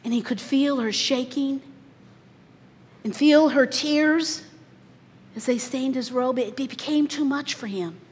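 A woman preaching a sermon, telling the story dramatically, her voice swelling loud and dropping soft. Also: high-pitched, measured pace, long pauses, husky. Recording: long reverb in a large hall.

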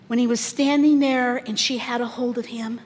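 A woman preaching a sermon, telling the story dramatically, her voice swelling loud and dropping soft. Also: on the high side, steady tone, normal speed, husky. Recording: long reverb in a large hall.

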